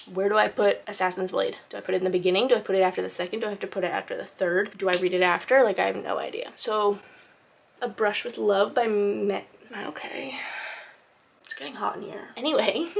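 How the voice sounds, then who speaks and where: A woman's voice: medium pitch, vocal fry, slight background noise. A young woman vlogging about her book pile in a chatty, rambling way, often correcting herself. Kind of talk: casual chat. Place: home room by bookshelves.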